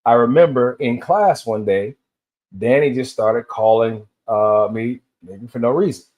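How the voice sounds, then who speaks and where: A man's voice: mid-range voice, measured pace, a little mellow. A man in his fifties from Tennessee, rambling through a solo rant and telling loose stories that drift between tangents. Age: 50s. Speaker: vlogger.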